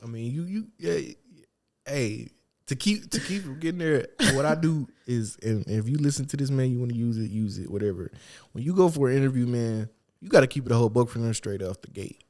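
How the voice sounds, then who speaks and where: A man's voice: medium pitch, animated, fairly quick, a little mellow. A man co-hosting a casual podcast, chatting in slang in a laid-back tone and giving blunt advice. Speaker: podcast co-host. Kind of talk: casual chat.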